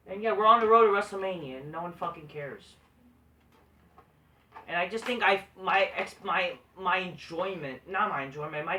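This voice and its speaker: A man's voice: high-pitched, sharp tone, recorded from a distance. A man hosting a wrestling review vlog, ranting with heavy profanity and frequent restarts. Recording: echoey room, voice off-mic.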